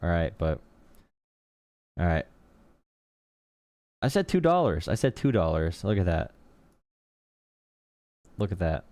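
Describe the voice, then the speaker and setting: Male political streamer, deep-ish voice, dry mic, casual joking chatter with his audience. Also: sing-song, takes it slowly, pauses often, warm tone, no echo. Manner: rambling, joking, talks to chat. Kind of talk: live-stream commentary.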